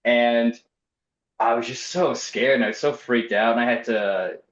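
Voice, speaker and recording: A man's voice: mid-range voice, a little slow. Wry young man telling a story. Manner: wry, self-deprecating, acts out quoted voices. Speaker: storyteller guest. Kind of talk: casual personal storytelling. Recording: roomy, slightly dull podcast audio.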